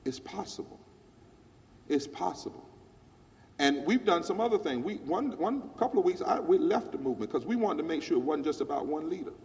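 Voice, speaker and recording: A preacher telling a story on stage in an emphatic, animated preaching cadence. His voice sits a bit high for a man and swings widely in pitch. A long reverb from the large hall trails every phrase. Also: fast, hardly any pauses. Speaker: pastor. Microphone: handheld mic.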